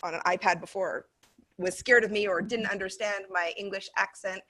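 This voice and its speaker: Woman, American accent, teacher trainer, casual explaining, mid pitch. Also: fairly even intonation, moderate pace, pushed and bright. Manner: chatty, explaining with fillers. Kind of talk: casual training talk over a video.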